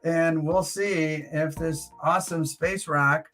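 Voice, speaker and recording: A man's voice: on the high side, fairly even intonation, slow pace, a bit bright, faint music behind, rough recording. An older man hosting a live coin auction stream, joking and chuckling between bids. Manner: joking, chuckling, teasing asides. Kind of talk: casual live auction patter.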